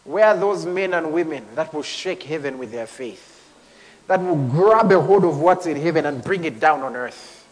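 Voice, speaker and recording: Impassioned high-voiced male preacher. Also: lively intonation, normal speed, long reverb tail. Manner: impassioned, swings between hushed and shouting; speaks in tongues. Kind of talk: sermon.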